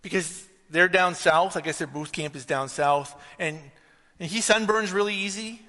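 A man gives a sermon in a relaxed, storytelling way, his voice fairly high and bright. He lifts into emphatic, pressing questions when he drives a point home. A long reverb from the church hall trails each phrase. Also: moderate pace. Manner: conversational, rises to emphatic questions. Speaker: pastor.

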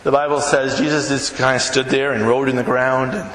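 A man preaching a sermon as pastor in a church, emphatic, climbing to near-shouts on key phrases. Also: medium pitch, little pitch movement, a little fast. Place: church sanctuary. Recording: echoey hall with background noise.

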